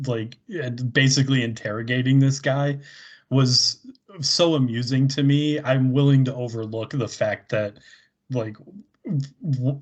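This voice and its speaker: Male podcast co-host, unhurried, rambly, laughs a lot. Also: mid-range voice. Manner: rambling, laughs often, many fillers. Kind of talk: casual chat recapping an episode.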